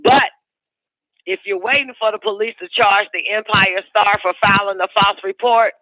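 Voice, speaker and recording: A man hosts his own talk radio show, telling profane stories in a high voice. His delivery is crude and animated. The sound is tinny and phone-like, and dry, with no room around it. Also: moderate pace, dry recording.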